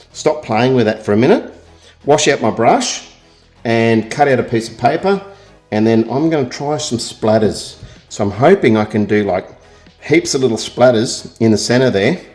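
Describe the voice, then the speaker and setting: A man's voice: lowish voice, darkish tone. Chatty Australian man painting in real time. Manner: rambling, self-deprecating, chatty. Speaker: art tutor.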